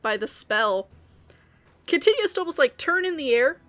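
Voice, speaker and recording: A woman's voice: sits high, very animated, moderate pace, fairly bright tone, no echo. A woman running a tabletop game as game master, narrating the action in vivid detail.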